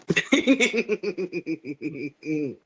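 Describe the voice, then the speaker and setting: A man's voice: fairly high pitch, extremely slow, husky. A man with a Southern US accent, a stand-up comedian chatting casually and acting out his stories with lots of laughter. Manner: animated storytelling, laughs often, acts out quotes. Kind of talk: casual chat.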